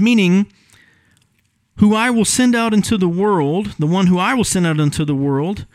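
A male pastor walks through a Bible passage in an earnest, explanatory sermon, pausing on ums as he teaches. His voice sits a little high for a man, and the sound is dry and close, with little room around it. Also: dry recording. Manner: earnest teaching, explains word meanings, many fillers. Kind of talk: expository sermon. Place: church sanctuary.

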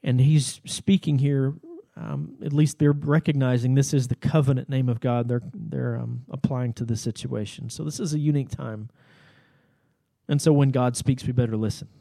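A man's voice: mid-range voice, steady tone, normal speed, vocal fry, mellow, no echo. A man giving a Bible teaching sermon, explaining the text in a conversational way with fillers and asides. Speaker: pastor.

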